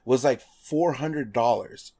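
A man from Nevada telling a story in casual chat, animated and swearing, acting out quotes with lots of "like". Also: mid-range voice, takes it slowly.

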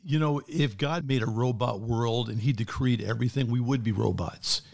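A male pastor talks in an even, mid-range voice. He is earnest and measured, and sometimes reads aloud from prepared notes in a sincere tone. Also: mid-range voice, vocal fry. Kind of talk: casual chat.

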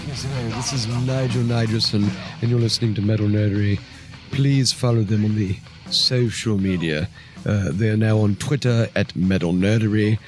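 A man playing a formal, polite show announcer with a lower voice, guitar behind. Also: moderate pace, close to an everyday voice. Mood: announcing. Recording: announcement over guitar music. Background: guitar music.

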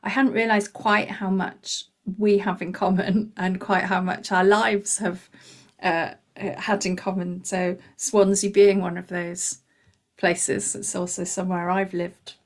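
A woman's voice: mid-range voice, level tone, a little slow. A woman hosting an interview, asking curious, friendly questions. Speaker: podcast host. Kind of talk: casual interview chat.

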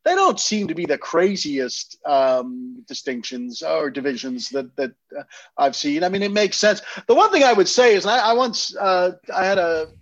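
A man from New England with a fairly high voice, musing aloud on a podcast. He hedges and restarts often as he thinks. The recording is dry and slightly muffled. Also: animated, moderate pace, no room sound. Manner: thoughtful, hedging, with many restarts. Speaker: podcast co-host. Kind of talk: casual discussion.

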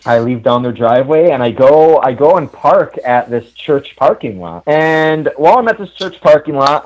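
A man telling a casual anecdote as a guest, animated and laughing often as he acts out the dialogue. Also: medium pitch, muffled recording.

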